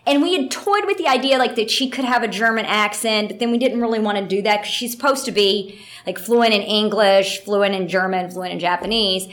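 Speaking briskly at medium pitch, a woman who works as a voice actress shares anecdotes in a relaxed interview. She's lively and talkative, leaning heavily on filler words.

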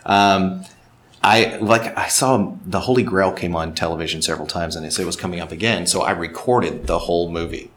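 Low-voiced Texan voice actor, relaxed, self-deprecating interview talk. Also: male voice, fairly quick, a little hiss or hum. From Texas. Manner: self-deprecating, slips into voice impressions. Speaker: voice actor and director.

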